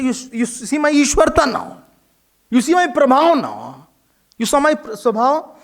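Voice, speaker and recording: A man telling a sacred story as a spiritual teacher, acting out its scenes in an animated way. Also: sits high. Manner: animated, acts out the story, loose grammar. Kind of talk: storytelling sermon.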